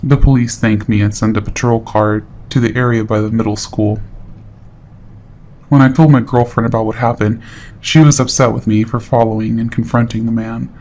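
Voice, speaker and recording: A man reading a horror story aloud in steady, matter-of-fact scripted narration. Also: mid-range voice, moderate pace.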